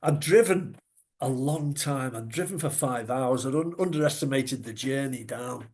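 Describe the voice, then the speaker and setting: A middle-aged man with a Scouse accent, telling lively anecdotes as a podcast guest, with chuckles and salty asides. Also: mid-range voice, normal speed. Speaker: guest, former news reporter. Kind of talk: conversational storytelling.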